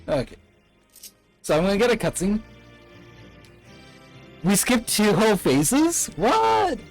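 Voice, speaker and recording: A man's voice: high-pitched, lively intonation, measured pace, soft background music. A man streaming a video game, chatting casually and explaining the game to his viewers. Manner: chatty, explains to chat, reads cutscene lines aloud.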